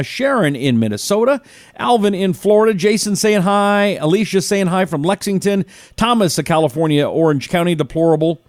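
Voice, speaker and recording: A man's voice: a little high, darkish tone, no room sound, clean studio sound. A man hosting a live talk show, chatty and sarcastic, reading out listener names between opinions. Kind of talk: casual live call-in talk.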